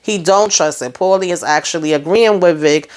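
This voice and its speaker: On the low side and at normal speed, a woman's voice gives a casual TV episode recap full of slang. She retells the scenes in an animated way, acts out the characters' lines, and laughs often.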